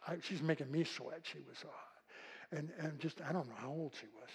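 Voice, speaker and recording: An older man preaching a sermon with a husky voice, telling folksy stories and swinging from loud calls to hushed, quiet passages. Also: a little high, fairly quick, poor audio. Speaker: pastor.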